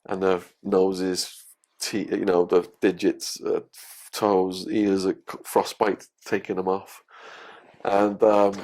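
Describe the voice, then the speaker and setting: A man's voice: low voice, takes it slowly. Man telling stories on a podcast. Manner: animated, swears freely, acts out quotes. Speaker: guest storyteller. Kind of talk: casual podcast storytelling.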